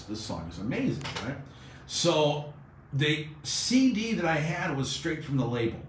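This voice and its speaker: Man, radio host, animated storyteller, roomy studio, faint hiss. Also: medium pitch. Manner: animated storyteller, acts out quoted voices.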